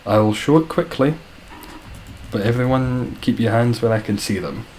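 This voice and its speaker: A man's voice: mid-range voice, normal speed, a little mellow, a little hiss or hum, rough recording. A Scottish man chatting casually on a live stream, reading out viewer comments with dry, self-deprecating humour. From Scotland.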